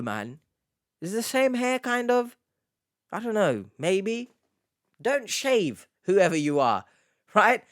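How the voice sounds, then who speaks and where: A man's voice: high voice, big pitch swings, slow, pauses often, a bit bright. A man hosting a reaction video, commenting casually with sarcastic, mocking asides.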